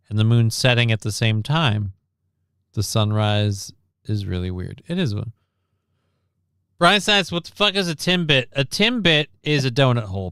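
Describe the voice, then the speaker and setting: A man's voice: medium pitch, a bit bright, clear, resonant tone, dry recording, studio quality. Rambling, foul-mouthed man hosting a chat. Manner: rambling, profane, joking. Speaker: host. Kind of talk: casual chat.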